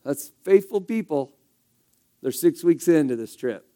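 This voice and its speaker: Male pastor, high voice, conversational sermon delivery with rhetorical questions. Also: animated, a little slow, warm tone.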